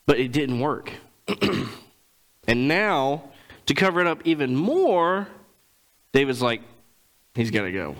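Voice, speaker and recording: A man preaching a sermon, reading scripture and retelling it in casual everyday speech, clearing his throat often. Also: a little high, sing-song, slow pace, long pauses, a bit bright, poor audio.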